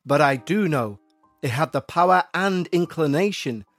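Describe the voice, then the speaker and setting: A man in measured, scripted narration of a listener's eerie story. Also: fairly high pitch, animated, a bit bright, no echo, faint music behind.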